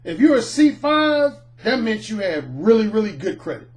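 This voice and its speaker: A middle-aged man, a dating coach, telling a personal anecdote in an animated, storytelling way. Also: high voice, moderate pace. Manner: animated, acts out the people in his anecdotes. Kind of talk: storytelling monologue.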